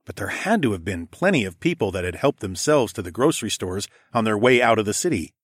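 A man with a lowish voice narrates a story in the first person. He reads steadily and evenly, like a practiced audiobook reader. The sound is dry and close to the mic. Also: expressive, fast talker, no room sound.

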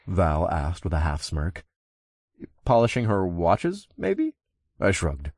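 Guy reading a first-person audiobook, lowish voice, easygoing and a little amused, dry studio mic. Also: wildly swooping pitch, takes it slowly, darkish tone, no echo. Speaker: audiobook narrator. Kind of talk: first-person scripted narration.

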